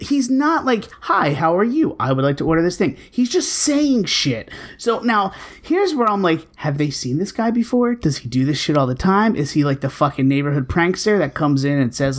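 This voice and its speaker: Woman podcast host telling a story, swears a lot, fired up and annoyed. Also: deep voice. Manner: animated, profane, exasperated. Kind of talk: casual storytelling chat.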